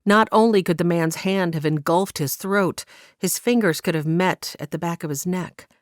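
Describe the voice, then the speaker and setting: A woman audiobook narrator reading a historical romance in a gentle, even storytelling manner. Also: fairly low pitch, normal speed, dry recording, clean studio sound. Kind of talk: scripted narration.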